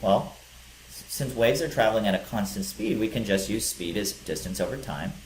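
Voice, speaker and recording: A man's voice: fairly low pitch, animated, moderate pace. A male teacher giving a physics lecture, explaining step by step with some fillers. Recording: echoey room with faint hiss.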